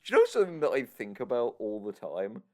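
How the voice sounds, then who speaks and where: Teasing podcast co-host, a man with a mid-pitched voice that rises and falls a lot. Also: wildly swooping pitch, fast. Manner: teasing, crude joking banter. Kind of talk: casual chat.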